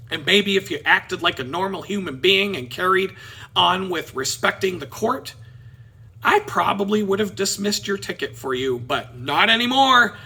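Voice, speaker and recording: A man voicing an angry, stern male traffic court judge who scolds loudly. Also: high-pitched, husky, heavily acted. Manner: scolding, loud, shouting.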